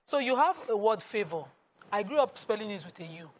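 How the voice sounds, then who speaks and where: A talk show panelist speaks in an animated way with laughing asides. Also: mid-range voice, a little fast. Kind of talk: studio panel discussion.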